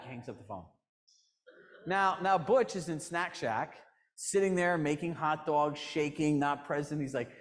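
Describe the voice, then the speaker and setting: Live workshop coach, male, fairly high voice, animated storyteller acting out quotes. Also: moderate pace. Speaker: real estate coach. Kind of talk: workshop teaching.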